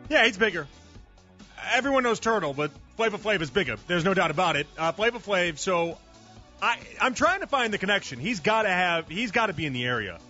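A sports radio host talks in an easy, conversational way, restarting his sentences as he goes. His voice sits high and sounds bright. The audio is a little muffled, with faint music running underneath. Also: sing-song, a little fast. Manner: conversational, repeats words when starting thoughts.

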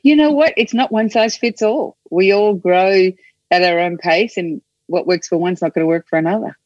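A middle-aged Australian woman, an enthusiastic, animated storyteller chatting as an interview guest. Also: lowish voice, moderate pace, dry recording, muffled recording. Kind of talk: casual chat.

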